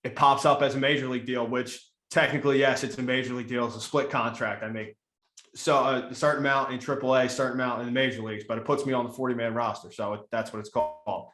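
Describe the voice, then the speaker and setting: A man hosting a casual podcast chat, talking in a laid-back, halting way with repeated starts. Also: mid-range voice, fairly even intonation, fairly bright tone. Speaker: podcast host and pro baseball player. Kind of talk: casual conversation. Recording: echoey room sound.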